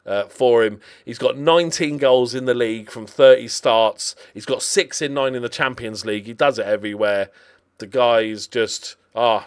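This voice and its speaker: A man talks through his video game season in a loose, chatty way. He fills his sentences with ums and likes and often stops to restart them. His pitch sits in the ordinary middle range for a man. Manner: chatty and animated, with lots of fillers. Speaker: gaming commentator. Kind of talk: casual video game commentary.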